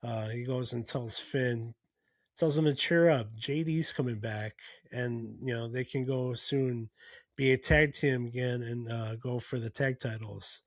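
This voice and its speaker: Gravelly man recapping casually. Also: medium pitch, steady tone, measured pace, dry recording. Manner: rambling, full of fillers and restarts. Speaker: podcast host.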